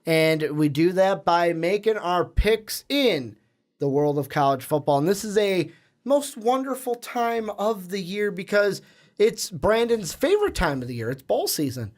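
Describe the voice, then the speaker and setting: A chatty man hosting a casual sports podcast. His voice sits a little high and he rambles along loosely, tripping over names as he goes. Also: very animated, a little slow. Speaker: podcast co-host.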